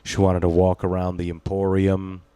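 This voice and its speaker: A man with a deep, low voice hosts a casual podcast, rambling through loose banter, swearing freely and breaking into laughter. The sound is dry and close, with no room around it. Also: monotone, normal speed, warm tone, smooth, no echo. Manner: rambling, profane, laughs often. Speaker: podcast host. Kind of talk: casual chat.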